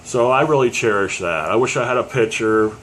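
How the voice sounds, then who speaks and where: A man's voice: mid-range voice, a little fast, fairly bright tone, slight background noise. A middle-aged man from Pennsylvania telling a story casually to the camera, rambling with many fillers and chuckles. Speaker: collector.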